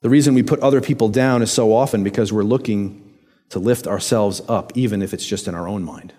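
A pastor delivers a sermon in a conversational, brisk manner, posing rhetorical questions. On key phrases his voice drops quiet and low.

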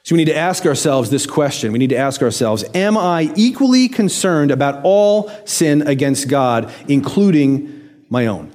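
A man delivering a sermon in a fairly high voice, talking with his listeners rather than at them. He leans on rhetorical questions, and his voice sinks low and quiet when he presses a point home. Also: animated, moderate pace. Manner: conversational preaching with rhetorical questions; drops to quiet, low emphasis on key phrases. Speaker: pastor.

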